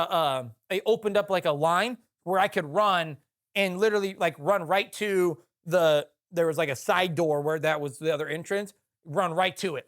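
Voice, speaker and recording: Male podcast co-host, animated storyteller with a lively pitch range and frequent restarts. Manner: excited, restarts sentences, keeps asking "right?".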